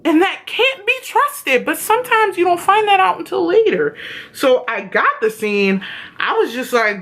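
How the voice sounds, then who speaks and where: A woman recapping a TV episode in a casual vlog, excitable and swearing freely, her voice jumping higher when she gets worked up. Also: a little slow. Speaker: TV show reviewer.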